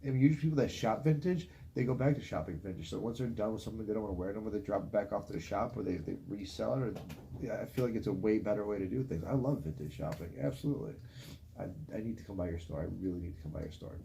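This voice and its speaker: A man, hosting a casual radio chat in an animated way. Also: fairly low pitch, vocal fry. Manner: animated, laughs, does quick voices in stories. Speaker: radio show host. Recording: faint ambient noise.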